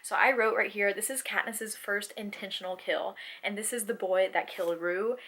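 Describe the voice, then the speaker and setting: Bright-voiced woman gushing over a book. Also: medium pitch, fairly even intonation, normal speed, slight background noise. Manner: gushing, earnest and emotional. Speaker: book video creator. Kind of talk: casual book chat, reading annotations aloud.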